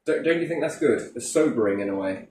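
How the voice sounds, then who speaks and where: Man, mid-pitched, blunt and sweary, rambling rants; distant mic in an echoey room. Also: lively intonation, fast talker, darkish tone, slight background noise. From Britain. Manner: swears heavily, rambling, full of rhetorical questions. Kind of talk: casual conversational rant. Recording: roomy echo from a distant mic.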